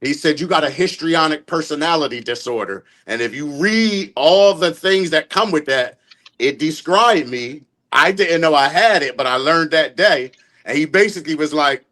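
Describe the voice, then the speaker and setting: A man's voice: a little high, animated, normal speed, sharp tone. A man with a Philadelphia accent, talking openly and bluntly about his temper in a casual group podcast chat. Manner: blunt, open, reflective. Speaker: podcast guest.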